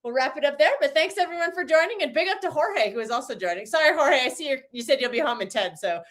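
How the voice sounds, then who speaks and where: A woman's voice: high-pitched, animated, fast, fairly bright tone. A woman hosting a late-night live stream, chatting casually and laughing often. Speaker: stream host.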